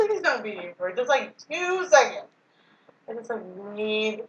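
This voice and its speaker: Young woman, higher voice, nervous rambler; distant, muffled, with faint hiss. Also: sing-song, unhurried, fairly bright tone, reverberant. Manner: nervous, rambling, laughing often. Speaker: woman talking with her ex. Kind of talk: casual chat.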